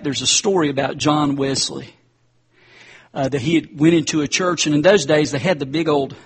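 Husky-voiced man preaching casually. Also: medium pitch. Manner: conversational, addresses the crowd as guys. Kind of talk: sermon.

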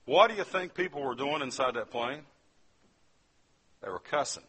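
A man's voice: mid-range voice, expressive, normal speed, pauses often, fairly bright tone, breathy edge. A man from West Virginia telling a testimony as a sermon, speaking straight to his listeners as he tells his story. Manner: storytelling, addresses the audience directly.

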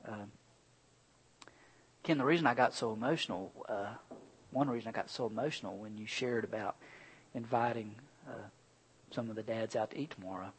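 A middle-aged man preaching a sermon and telling personal stories, swinging from loud, animated bursts to quiet, earnest passages. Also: mid-range voice, slightly rough, rough recording. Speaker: pastor.

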